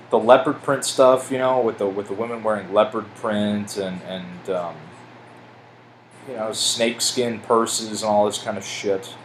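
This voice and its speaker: A man with a lowish voice rambles through a casual commentary over pictures, getting excitable and swearing. He stumbles when he reads text aloud. A faint air-conditioner hum sits behind him. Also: low-quality recording. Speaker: conspiracy video host.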